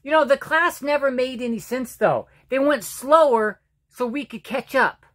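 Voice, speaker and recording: A middle-aged man with a light, fairly high voice for a man, telling self-mocking stories in a loose vlog ramble. He stumbles over words, doubles back, and chuckles at his own jokes. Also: a bit bright. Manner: halting, with restarts and repeated words. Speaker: vlogger. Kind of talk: casual storytelling monologue.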